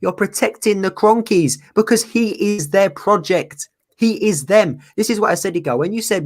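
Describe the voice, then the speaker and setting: A man's voice: sits high, moderate pace, hardly any pauses. Passionate ranting man. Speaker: co-host, football fan. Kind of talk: casual chat.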